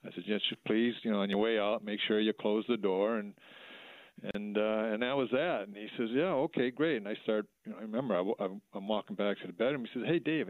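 A middle-aged man tells his story in a halting stop-start way, piling up fillers and restarts. His voice sits a little low. It comes through a tinny, dry phone line. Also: dry recording. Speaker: former minor league hockey player, guest. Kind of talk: storytelling interview over the phone.

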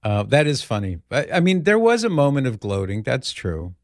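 A middle-aged man hosting a talk radio show, telling stories in a relaxed way with fillers, in a studio. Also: mid-range voice, normal speed, no echo. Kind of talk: casual talk radio chat. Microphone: studio microphone.

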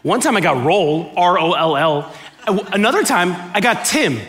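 A high-pitched man from Miami delivers a lively, joke-filled sermon in a church auditorium. He acts out little exchanges with different voices, playing to a live crowd. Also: moderate pace. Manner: animated, joking, acts out dialogue. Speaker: guest preacher. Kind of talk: sermon with comic storytelling.

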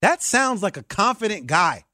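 A man hosting a sports talk show, excitable and emphatic like a hyped fan. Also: high-pitched, moderate pace, dry recording, clean studio sound. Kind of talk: animated sports podcast talk.

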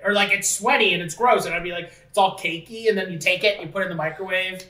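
A man rambles through a story, full of filler words and cursing. His voice is bright and sharp. He sits well back from the mic in an echoey room. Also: high voice, steady tone, fast, hardly any pauses, far from the mic. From Niagara region of Ontario, Canada. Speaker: podcast host. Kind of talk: casual podcast chat.

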